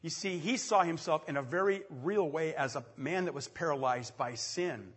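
A man preaching a sermon, telling the story with quick asides and sudden loud swells. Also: a little high, slightly rough. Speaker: pastor. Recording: echoey hall with long reverb.

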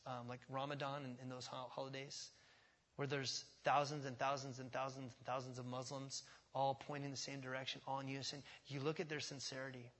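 A male pastor preaching a sermon in a church, emphatic and repetitive, swinging from quiet to loud. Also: medium pitch, flat delivery, a little fast. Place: church sanctuary. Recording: long church reverb.

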